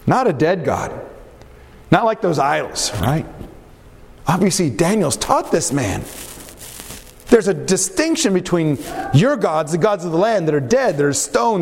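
Animated male preacher in a reverberant hall. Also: unhurried, pauses often, a little hiss or hum. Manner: animated, dramatic storytelling with sudden pitch swings. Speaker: pastor. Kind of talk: sermon.

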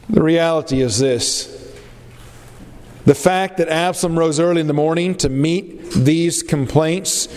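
Slow, deliberate preacher in a reverberant hall. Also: male voice, a little high, darkish tone. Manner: emphatic, rhetorical questions, dramatic pauses. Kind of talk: sermon.

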